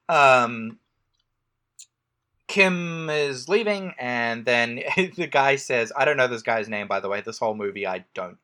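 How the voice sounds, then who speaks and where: A man's voice: medium pitch, a little slow, bright, forceful tone. A man casually recapping a film on a podcast, rambling and joking, with lots of "um"s and restarts. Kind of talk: casual chat.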